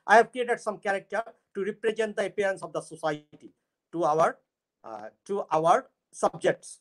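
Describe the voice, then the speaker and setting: High-voiced Bangladeshi man, halting English. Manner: halting English, stopping to search for words. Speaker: astrologer and YouTube creator. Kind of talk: casual monologue to camera.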